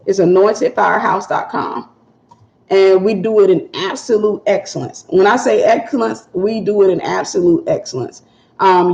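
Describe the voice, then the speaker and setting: A woman's voice: mid-range voice, gravelly, darkish tone. Sleepy-voiced woman chatting on a livestream. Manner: chatty, repeats phrases, greets viewers. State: sleepy morning voice. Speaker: livestream host and publisher. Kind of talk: casual morning livestream talk. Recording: dull lo-fi livestream audio in an echoey room.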